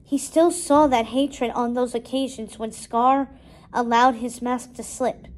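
A woman reading a storybook aloud in a steady, expressive way. Her voice is somewhat high for a woman. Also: poor audio. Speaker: storybook reader.

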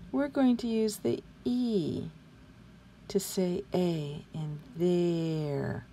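Slow, gravelly-voiced woman teaching spelling. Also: mid-range voice, dark tone, slight background noise. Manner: patient and encouraging, sounding words out slowly, asking the class questions; sometimes drops into whispers while writing. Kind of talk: spelling lesson for young children.

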